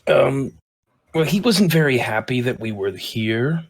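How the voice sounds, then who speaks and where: A man's voice: mid-range voice, animated, measured pace, breathy edge. A man playing a tabletop game, talking hesitantly and stammering. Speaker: player. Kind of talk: casual game chat.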